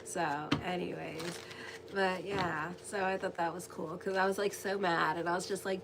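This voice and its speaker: A woman astrologer giving a casual, rambling tarot and horoscope reading, chatty and quick to laugh. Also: medium pitch, background noise.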